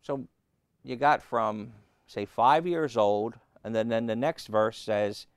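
A man preaching a sermon, emphatic, rising loud and high on key points and calling out questions to the congregation. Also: steady tone, slow, no room sound, clean studio sound.

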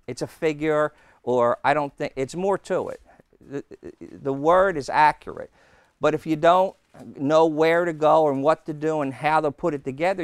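Male preacher teaching slow, smooth clear voice, dry sound, punches words hard. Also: on the high side, no echo. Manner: slow, emphatic teaching with sudden loud stresses. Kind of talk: sermon teaching. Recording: old taped sermon.

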